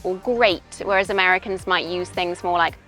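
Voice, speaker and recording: Bright young British woman from Wales. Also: on the low side, steady tone, normal speed, soft background music. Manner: chatty, explains with examples, laughs often. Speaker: English teacher, interview guest. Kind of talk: casual interview chat. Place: outdoors in a park. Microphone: handheld voice recorder.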